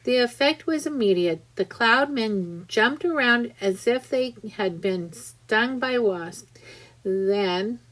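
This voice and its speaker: Woman reader, slow storybook narration, mid pitch, amateur feel. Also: poor audio. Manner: slow, deliberate, with small restarts. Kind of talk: audiobook narration.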